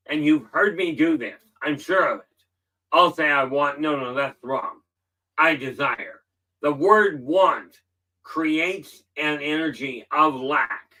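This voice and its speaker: A man hosting a livestream, giving an earnest motivational talk and stressing key words slowly. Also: a little high, sharp tone, distant mic, poor audio. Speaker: livestream host.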